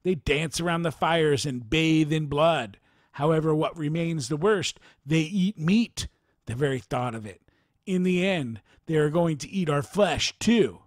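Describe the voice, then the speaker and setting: A man narrating a near-death experience account in a formal, measured reading style. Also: fairly high pitch, no room sound, clean studio sound.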